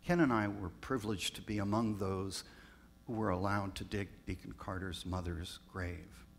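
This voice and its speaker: A man, a pastor raised in Southern California, telling personal stories in a reflective sermon with pauses. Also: low voice, steady tone, creaky. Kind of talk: storytelling sermon.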